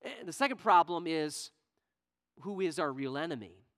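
A male pastor preaching a sermon in church, shifting from loud, emphatic questions to quiet, low asides. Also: sing-song, moderate pace. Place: church sanctuary.

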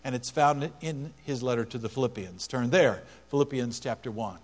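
A man's voice: mid-range voice, normal speed. A male pastor preaching a sermon, emphatic, repeating key phrases for stress. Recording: long hall reverb with mains hum.

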